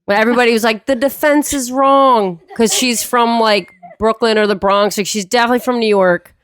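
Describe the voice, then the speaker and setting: A woman co-hosting a casual chat show, laughing often as she tells lively stories about her family. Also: fairly high pitch, fast, clear, resonant tone. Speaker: podcast co-host.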